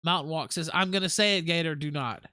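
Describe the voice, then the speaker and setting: A man's voice: a little high, fast talker, pushed and bright, no room sound, clean studio sound. A man hosting a casual livestream, reading chat messages aloud and swearing freely. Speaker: livestream host.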